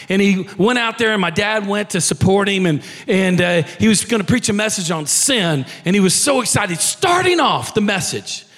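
A man preaching a sermon as pastor, dropping to soft near-whispers and building to shouted emphasis. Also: sits high. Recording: long hall reverb.

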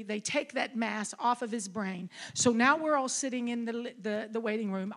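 In a conference hall, a middle-aged woman pastor preaches a sermon, recounting a personal story as her emotion builds into shouting. Her voice sits on the higher side.

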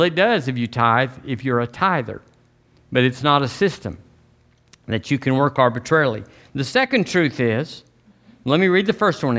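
A man preaching a sermon as pastor, folksy and emphatic, climbing higher on key lines. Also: fairly bright tone. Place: church sanctuary.

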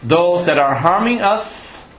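A man gives a Buddhist teaching, explaining step by step and often checking in with the audience. His voice sits a little on the high side. The sound is roomy and echoing, with a faint ambience underneath. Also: expressive, slow pace, fairly bright tone, slight background noise. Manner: explanatory, asks the audience questions, non-native phrasing. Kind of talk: Dharma teaching to a live audience. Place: retreat teaching hall.

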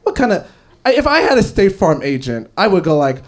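A man's voice: on the high side, lively intonation, fairly quick, a little mellow. A young man doing a stand-up comedy set, telling stories with lots of fillers and laughing along. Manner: storytelling, with frequent fillers and laughs. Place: comedy club stage.

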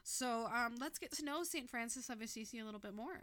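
A woman's voice: a little high, brisk, a bit bright, no echo. A young woman with a Valley girl accent, co-hosting a casual podcast chat, chatty and loose with fillers and swearing. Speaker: podcast co-host.

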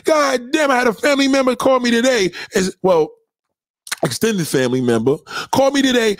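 A high-voiced, middle-aged man rants in a profane comic monologue. His pitch swings widely as he mimics other people. The sound is close and dry. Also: moderate pace, no room sound. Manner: animated, swearing, acts out quotes. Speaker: comedic monologue host. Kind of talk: profane comedic rant.

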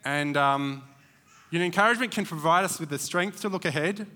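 Bright-voiced male preacher in echoing hall. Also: on the high side, a little fast. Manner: conversational, digressive, many fillers. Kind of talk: church sermon.

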